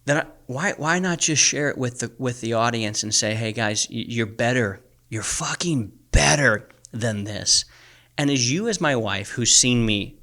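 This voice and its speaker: A man's voice: medium pitch, bright, forceful tone. A man in his forties co-hosting a podcast, ranting in a blunt, intense, profane way. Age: 40s. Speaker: podcast co-host. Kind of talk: ranting motivational podcast talk.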